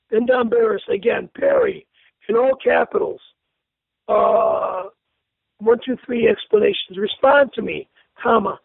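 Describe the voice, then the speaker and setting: A man's voice: extremely high pitch, gravelly, no room sound. A man reading an online thread aloud on the radio, reading the punctuation out, stumbling over words and cursing indignantly. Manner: reads punctuation aloud, stumbles, swears angrily. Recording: tinny phone-line radio audio.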